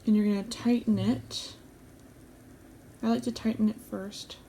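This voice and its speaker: A woman hosting an embroidery tutorial, calmly explaining each step as she works with her hands at a table. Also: medium pitch, measured pace, slight background noise. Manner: calm, step-by-step explaining while stitching. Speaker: embroidery channel host.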